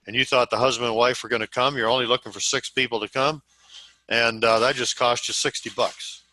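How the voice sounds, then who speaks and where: Bright-voiced man coaching a sales group. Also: mid-range voice, fairly even intonation, a little hiss or hum, rough recording. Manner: slow, deliberate, acts out sample calls. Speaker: sales trainer.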